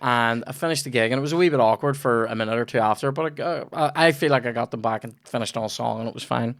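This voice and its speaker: A man's voice: mid-range voice, fast, fairly bright tone, dry recording, studio quality. A young man with a Northern Irish accent hosting a chat show, telling rambling, sweary stories in a casual way. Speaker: comedian podcast host.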